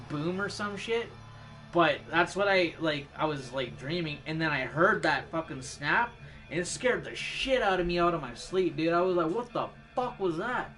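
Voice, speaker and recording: A man streaming, chatting casually in a laid-back way, swearing often and laughing at his own stories. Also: high voice. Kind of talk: casual rambling chat. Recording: music playing in the background. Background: music.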